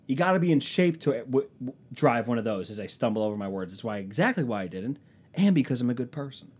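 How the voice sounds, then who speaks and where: A man's voice: mid-range voice, expressive, quick pace, a little mellow, husky. A man telling comic stories as a podcast host in a profane, sarcastic, self-mocking casual rant. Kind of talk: casual comedic storytelling rant.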